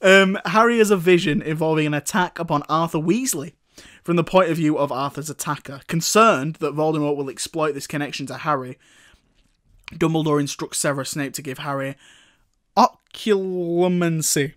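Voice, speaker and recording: A young man hosting a casual film podcast from home, excitable and quick to laugh. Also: a little high. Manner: excitable, laughs often, shouts bits for comedy. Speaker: podcast host.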